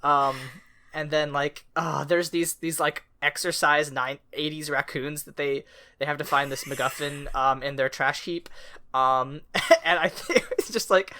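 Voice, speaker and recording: Male co-host, bright tone, loose rambling conversational delivery. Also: fairly high pitch, steady tone, unhurried. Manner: rambling, many fillers and restarts, laughs often. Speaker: podcast co-host. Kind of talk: casual chat.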